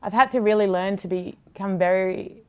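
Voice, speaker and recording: A woman's voice: mid-range voice, normal speed, clear, resonant tone. A woman who hosts a TV sports show, talking frankly and with feeling in a podcast conversation, swearing now and then. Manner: frank and heartfelt, swears freely.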